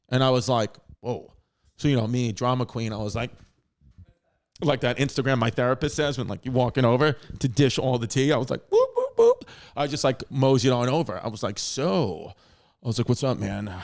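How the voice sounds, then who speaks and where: A man in his thirties hosting a podcast, telling a story in a rambling, animated way with frequent restarts and swearing. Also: mid-range voice, brisk. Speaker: podcast host. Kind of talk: casual storytelling.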